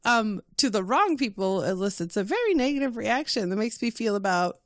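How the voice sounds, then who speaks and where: A woman guest in a casual podcast chat, bubbly and given to squealing when she quotes her own excitement. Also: fairly high pitch, a little fast, no echo, clean studio sound.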